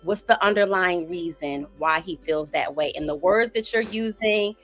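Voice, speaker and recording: A woman giving measured, therapist-like relationship advice in a casual group chat. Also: on the low side, fairly bright tone, soft background music.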